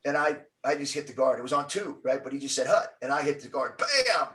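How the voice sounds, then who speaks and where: A middle-aged man telling a story as an interview guest, acting out the quotes with lively energy. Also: medium pitch, fairly quick, far from the mic, low-quality recording. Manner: animated storyteller, acts out quotes.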